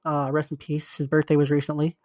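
Young man, podcast co-host, slightly high voice, earnest and encouraging, dry close sound. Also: monotone, brisk, a little mellow, no echo. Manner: earnest, encouraging, loose and chatty. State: sick with flu. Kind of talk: casual podcast chat.

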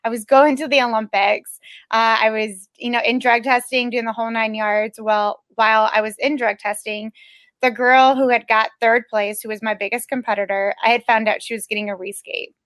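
A determined woman athlete tells her own story in a guest interview, in a fairly high voice. She speaks with earnest emphasis and lands her points firmly. The sound is dry and close, with no room echo. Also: fairly even intonation, moderate pace, fairly bright tone. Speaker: Olympic speed skater, guest. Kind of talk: personal storytelling in a podcast interview.

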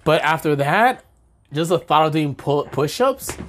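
A man's voice: on the high side, expressive, unhurried. A young man in casual chat, dropping dude and bro into nearly every sentence. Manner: slangy, says dude and bro a lot.

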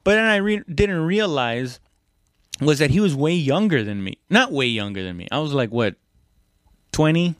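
A man's voice: a little high, big pitch swings, moderate pace, no room sound, studio quality. A young man casually telling a story about fighting, rambling and profane, with lots of restarts and fillers.

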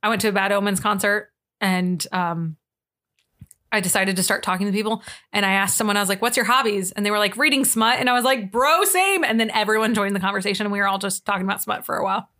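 Bright-voiced young woman telling stories. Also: mid-range voice, steady tone, fast talker. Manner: storytelling with lots of "like" and laughs. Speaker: podcast co-host. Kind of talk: casual chat.

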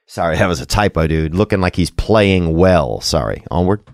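A man's voice: low voice, animated, moderate pace, no echo, studio quality. A man hosting a casual call-in podcast, rambling and joking crudely, then giving earnest advice. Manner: loose, rambling, crude jokes with sincere advice. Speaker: podcast host taking calls. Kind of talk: casual call-in show chat.

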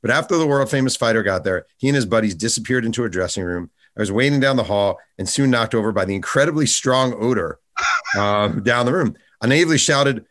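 Brief: male interview host, quick delivery, slightly low voice, casual chatty questions. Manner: quick, lively questions and reads aloud from a book. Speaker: podcast host.

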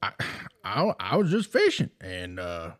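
A man voicing a country fisherman husband with a Mississippi accent, telling his wife about his abduction on a halting phone call. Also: on the low side, wildly swooping pitch. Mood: stunned.

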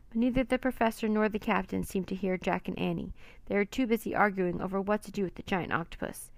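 A woman reads a storybook aloud in steady narration. Her voice has a gravelly fry, and the sound is dry and close with no room around it. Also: medium pitch, fast talker, no echo. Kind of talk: storybook reading.

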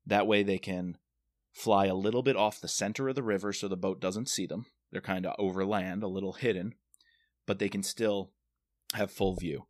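Brief: low male voice, casual podcast co-host, lively plot retelling, dry close sound. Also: moderate pace, no room sound. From Washington DC area. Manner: animated retelling, acts out characters' lines. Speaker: podcast co-host discussing a novel. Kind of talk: casual chat.

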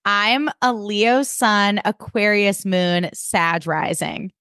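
A woman's voice: medium pitch, slow, fairly bright tone, clear, resonant tone, no room sound, clean studio sound. A woman co-hosting a podcast, talking casually and enthusiastically with many fillers. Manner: chatty, filler-heavy, enthusiastic. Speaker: podcast co-host.

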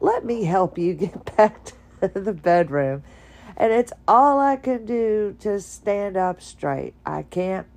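A tired woman talks from her bedroom in a rambling, halting monologue full of restarts. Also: mid-range voice, darkish tone. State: tired, drowsy. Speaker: podcaster. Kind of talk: casual personal monologue.

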